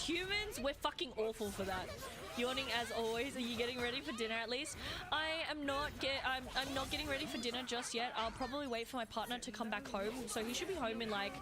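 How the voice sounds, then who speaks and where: A young woman streaming and chatting casually with her viewers, blunt and swearing freely, rambling with lots of fillers. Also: a little high.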